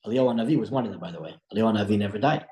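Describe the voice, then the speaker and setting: A man teaching a religious study class as a rabbi, telling stories in an animated way with frequent restarts. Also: lowish voice, rapid-fire. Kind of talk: storytelling religious lesson. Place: room at a breakfast study group. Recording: echoey room.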